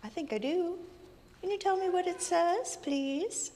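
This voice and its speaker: A woman's voice: very high-pitched, unhurried, warm tone. A woman leading a playful children's message in a congregation, teasing and sing-song as she talks with the kids. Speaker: minister leading a children's story time. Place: sanctuary of a congregation. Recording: long hall reverb, faint ambient noise.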